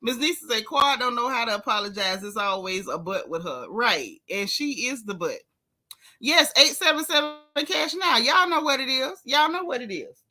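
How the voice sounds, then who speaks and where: A woman with a bright, forceful voice pitched a little high hosts a casual gossip vlog. She talks straight to her viewers with sassy, blunt teasing and reads out their comments to answer them. Her tone is chatty and unfiltered. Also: lively intonation, moderate pace.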